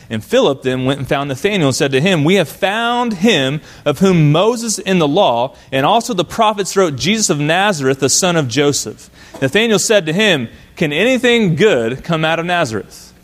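A man preaching a sermon as pastor, lively and conversational, acting out the lines of Bible characters as he tells the story. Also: fairly high pitch.

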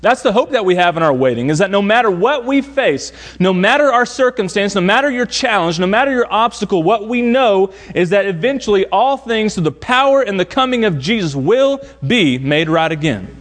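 A young man preaches a sermon in a fairly high voice. He builds through repeated phrases and often sinks into a hushed, low register for emphasis. The delivery is earnest and steady. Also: a little fast, few pauses. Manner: earnest preaching with repetition, swinging between raised and hushed lines. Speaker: pastor.

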